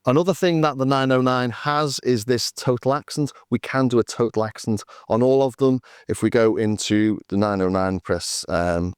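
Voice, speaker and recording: A man's voice: medium pitch, normal speed, few pauses, clear, resonant tone. A man casually demonstrating drum machines, thinking aloud as he works through settings and numbers. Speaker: synth demo host.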